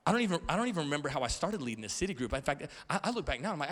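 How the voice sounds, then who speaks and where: A thirty-something man preaches in a church auditorium at a rapid-fire clip, hardly pausing, in a fairly high-pitched voice. His sermon is animated storytelling laced with playful asides and stammered repeats.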